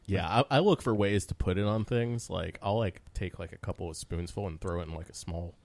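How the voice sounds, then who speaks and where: A man with a very deep voice chats on a podcast, rambling in a relaxed way with lots of fillers. The sound is close and dry. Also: a little fast, dry recording. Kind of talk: casual chat.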